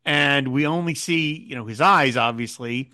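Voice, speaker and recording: Animated man recapping a TV episode. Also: mid-range voice, normal speed, no echo, studio quality. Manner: animated retelling, quotes scenes in character. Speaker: podcast co-host. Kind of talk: casual chat recapping a TV episode.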